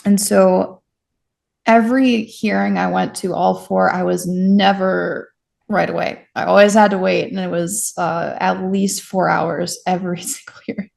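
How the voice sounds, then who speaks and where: In a candid conversational interview, a young woman who survived stalking recounts what happened, often restarting and joking at her own expense. She speaks on the low side, steady and unhurried, with vocal fry and a slightly mellow quality.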